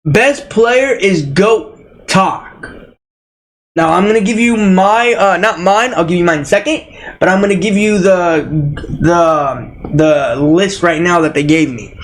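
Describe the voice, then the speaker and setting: A man's voice: high voice, takes it slowly, low-quality recording. A young man ranting casually about basketball, teasing and laughing often, with frequent repeated words. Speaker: sports vlogger.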